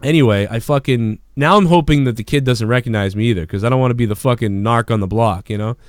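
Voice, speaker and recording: Smooth-voiced man telling a wild story. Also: medium pitch, fast talker, dry recording, studio quality. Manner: profane, rambling, excitable storyteller. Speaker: podcast host. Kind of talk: casual storytelling.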